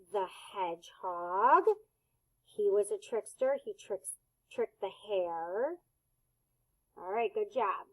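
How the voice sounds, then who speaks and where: Slow, clear-spoken woman teacher. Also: medium pitch, rough recording. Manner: slow, clear, deliberate sounding-out of letters. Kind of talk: recorded phonics and reading lesson for young children.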